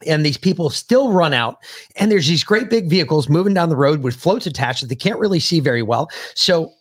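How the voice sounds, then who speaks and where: Blunt, foul-mouthed male podcast host, slightly high voice. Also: animated, fairly quick, breathy edge. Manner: profane, blunt storyteller. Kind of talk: casual podcast chat.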